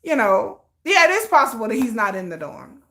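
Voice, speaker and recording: Animated, high-voiced woman ranting on a livestream. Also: fairly quick. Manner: animated, profane ranting with dramatic quoted voices. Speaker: livestream host. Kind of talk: casual livestream commentary.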